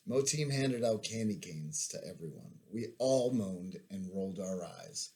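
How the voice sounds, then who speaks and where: A man, an army veteran, reading his own memoir aloud in a measured, plain-spoken way. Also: deep voice, animated, a little mellow.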